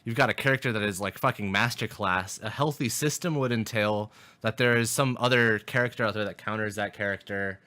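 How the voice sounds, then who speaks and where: Podcast co-host musing in halting restarts. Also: mid-range voice, bright, forceful tone. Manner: halting, many restarts and fillers. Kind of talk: casual podcast chat.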